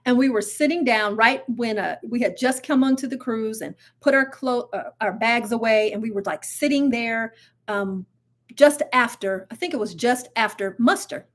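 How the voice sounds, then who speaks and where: A woman with a slightly higher-than-usual voice hosts a casual live stream of cruise talk. She chats along easily, giggling through her stories and dropping in asides and fillers as she reads out the news. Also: moderate pace. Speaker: cruise channel host.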